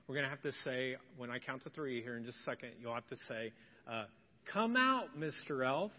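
A man's voice: medium pitch, steady tone, quick pace. A man leading a children's moment in church, talking in a friendly but hesitant way, with many "uh"s. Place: church hall. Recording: dull echoey church hall.

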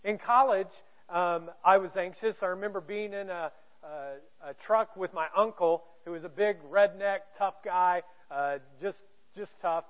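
A man's voice: high-pitched, a little slow. A man from Indiana preaching a sermon in a church auditorium, candid and self-deprecating, with a joking manner. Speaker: pastor. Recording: tinny, phone-like narrow sound.

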